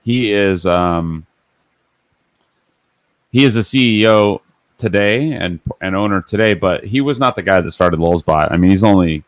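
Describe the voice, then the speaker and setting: A man's voice: low-pitched, measured pace, no room sound. A man hosting a casual livestream, chatty and rambling with fillers. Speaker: livestream host.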